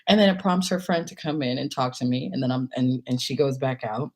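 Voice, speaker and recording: A woman in her late twenties telling a casual, animated storytime about a night out, slipping into quoted voices and whispers. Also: very deep voice, fairly quick, slight background noise. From China. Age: late 20s. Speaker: vlogger.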